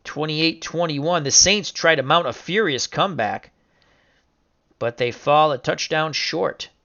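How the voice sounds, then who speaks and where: A man calling simulated football results in a bright, forceful voice, swinging from chatty recaps to excited shouting. The audio is a little muffled and lo-fi. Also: on the high side, a little slow. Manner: excitable, bursts into shouting over upsets. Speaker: video game sim commentator. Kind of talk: casual play-by-play commentary.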